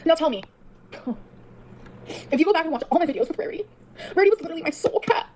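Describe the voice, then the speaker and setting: A woman's voice: extremely high pitch, animated, very fast, darkish tone, slight background noise. A woman streamer venting in a bitter, profane rant. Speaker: streamer in a played clip. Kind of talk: angry livestream rant.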